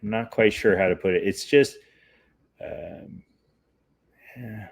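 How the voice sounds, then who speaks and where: A man with a lowish voice hosts a relaxed podcast conversation. He tells stories with ease but hunts for words and restarts when he explains his views. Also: slow, vocal fry, breathy edge. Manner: searching, hesitant when explaining. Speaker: podcast host. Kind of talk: casual chat and storytelling.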